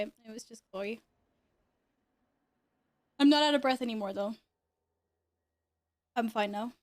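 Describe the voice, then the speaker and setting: Playing games on a live stream, a woman with a slightly high, somewhat bright voice chats casually with her audience. She greets viewers, teases them, cracks jokes, and laughs a lot, recorded with no room sound.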